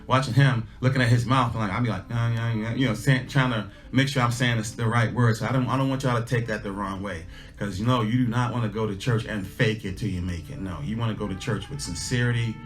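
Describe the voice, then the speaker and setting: A man's voice: medium pitch, fairly even intonation, quick pace, few pauses. A man, telling a personal story in an earnest, conversational way with many restarts. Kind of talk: casual storytelling talk.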